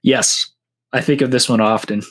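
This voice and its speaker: A man's voice: medium pitch, fairly even intonation, moderate pace, fairly bright tone. A man, a podcast guest telling casual stories, rambling with lots of "like" and restarts. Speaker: podcast guest, seed breeder. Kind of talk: casual storytelling.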